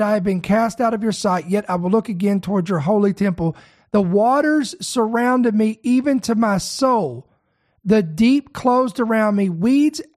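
A man preaching a sermon, reading scripture aloud and breaking in to address his listeners directly, slowing down to stress key words. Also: extremely high pitch, darkish tone. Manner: slows to stress key words, then speeds up.

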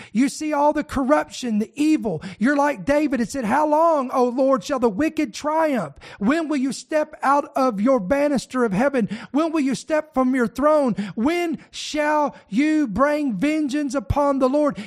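A high-pitched preacher in full sermon mode. The voice reads scripture aloud and breaks off to urge the congregation directly, fervent and pressing. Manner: fervent, exhorting, addresses listeners directly.

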